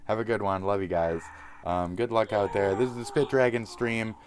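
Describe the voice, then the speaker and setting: A man's voice: fairly low pitch, steady tone, moderate pace, slight background noise. A man in his forties, a streamer, rambling through a profane, self-mocking sign-off to his viewers. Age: 40s.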